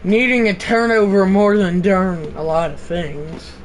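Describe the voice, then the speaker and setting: A man commentating a football video game on a live stream, excitable and breaking into shouted exclamations. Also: high-pitched, measured pace. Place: indoors, on the floor next to a fan. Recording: distant mic with fan noise.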